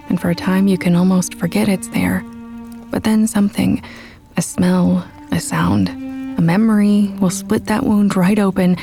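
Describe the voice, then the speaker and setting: A young woman narrating a first-person audiobook in a soft, intimate, reflective way. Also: mid-range voice, creaky. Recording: with background music.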